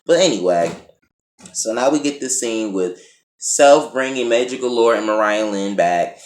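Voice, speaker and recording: A man giving a casual, profane and animated recap of a TV episode as a reviewer. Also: mid-range voice, normal speed, a little hiss or hum. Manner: profane, animated, acts out quotes. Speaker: TV show reviewer. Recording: echoey room.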